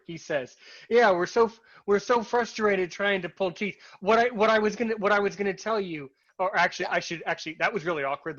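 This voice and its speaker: Male host, eager and stammering, bright tense voice, slightly dull lo-fi recording. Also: high voice, brisk. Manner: eager, stumbling, repeats words. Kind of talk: casual chat.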